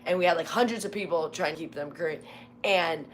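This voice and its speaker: Brief: middle-aged woman, low-set voice, loose rambling storyteller with faint background noise. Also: brisk. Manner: rambling, many "like"s, acts out quotes. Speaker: former military flight scheduler. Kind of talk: casual storytelling chat.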